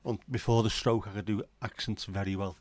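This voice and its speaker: Middle-aged guy on a late night stream, swears a lot, low voice, dry close sound. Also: fairly even intonation, a little fast, no echo. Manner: swearing, rambling banter with chat. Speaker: livestream host. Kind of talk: casual late-night livestream chat.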